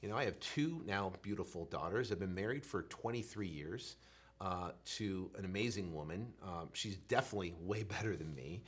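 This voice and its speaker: A man in his thirties, a real estate coach, telling his story in an animated motivational way, swinging between loud and soft and acting out his own stammering. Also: sits low, normal speed, breathy edge.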